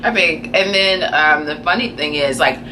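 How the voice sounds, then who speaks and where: A woman's voice: low-pitched, moderate pace, background noise. A young woman co-hosting a casual chat, chatty and laughing along with her friend. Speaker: podcast co-host.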